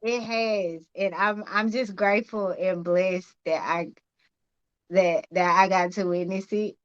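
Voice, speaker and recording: A woman's voice: mid-range voice, fairly even intonation, unhurried, dry recording, lo-fi sound. A woman podcast host in a casual faith conversation, holding back tears and speaking with heartfelt emotion.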